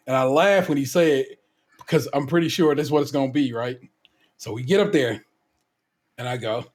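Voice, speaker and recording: Animated storytelling man, high-ish voice. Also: brisk. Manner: animated, profane, acts out quotes. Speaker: podcast co-host. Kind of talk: casual storytelling chat.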